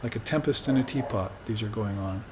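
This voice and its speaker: A man giving a spiritual dharma talk to students in an unhurried, conversational way, often tagging his points with "you see". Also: on the low side, darkish tone, slight background noise. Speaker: spiritual teacher.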